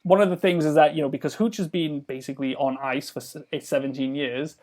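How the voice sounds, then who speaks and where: A man with a fairly high voice chatting in a casual podcast interview. He rambles, trips over restarts and leans on fillers while explaining a game he is building. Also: fairly even intonation, a little fast, darkish tone. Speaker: game developer guest.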